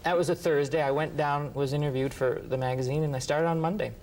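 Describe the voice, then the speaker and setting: A man, a writer and interview guest, telling lively anecdotes and acting out what others said. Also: a little high, fast talker, a little hiss or hum, rough recording. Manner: animated, acts out quotes, laughs often. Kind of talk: anecdotal storytelling.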